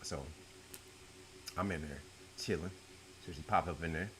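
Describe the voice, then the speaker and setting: A middle-aged man telling a story from his own life in a casual, profane way, jumping between loud outbursts and low mutters at home. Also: normal speed, very noisy. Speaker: YouTube storyteller.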